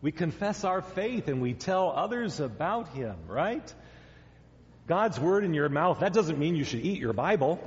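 Pastor, male, children's sermon; slow, somewhat high, coaxing; long church reverb. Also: lively intonation. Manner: gentle, questioning, coaxing children to answer. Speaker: pastor giving a children's message. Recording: dull sound in a long-echo church hall.

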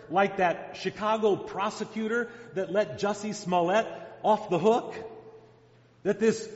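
Man preaching, high voice, slow and deliberate, dramatic storyteller; roomy hall sound, slightly muffled recording. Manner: dramatic storytelling, voicing quoted characters. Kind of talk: sermon. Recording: echoey hall, dull sound.

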